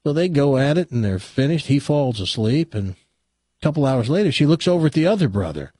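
A man's voice: mid-range voice, sing-song, fairly quick, mellow, slightly rough, dry recording, clean studio sound. A man on talk radio telling a long joke in a folksy, drawling storytelling manner.

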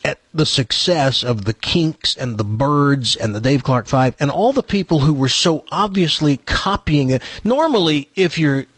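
A man's voice: a little high, lively intonation, measured pace, few pauses, a bit bright, husky, no echo. A man co-hosting a radio show, chatting casually and animatedly, laughing easily. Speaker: radio co-host.

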